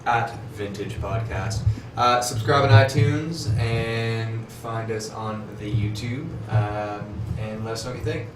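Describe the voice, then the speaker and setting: A hesitant man co-hosts a casual podcast. His voice sits low, and he trails through fillers while he agrees with his partner. He sounds far from the mic in an echoey room, with clear noise behind him. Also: slow pace, few pauses. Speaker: podcast co-host. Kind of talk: casual chat.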